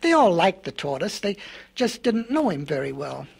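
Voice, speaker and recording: A man's voice: sits high, big pitch swings, normal speed, creaky, husky. A man narrating a storybook record in a folksy way, with rambling asides.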